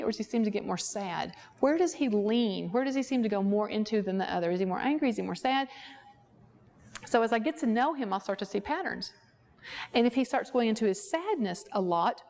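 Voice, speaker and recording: A woman's voice: fairly high pitch, darkish tone. A woman therapist teaching a workshop, explaining through a client example and putting rhetorical questions to the audience. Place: workshop room at a ranch.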